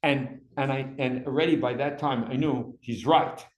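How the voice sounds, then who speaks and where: An older man teaching an evening class, talking in an animated way with many repeated words. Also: mid-range voice, normal speed, echoey room, crowd noise. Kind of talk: lecture to a class.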